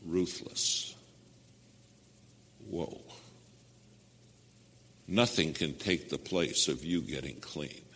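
A man's voice: rumbling low, a little slow, hardly any pauses, a bit bright, husky, big-room sound. A man preaching a sermon, telling a story and pressing his listeners with direct questions.

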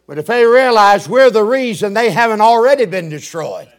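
An older man, a radio preacher delivering a fiery sermon that builds to shouts. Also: high-pitched, expressive, moderate pace.

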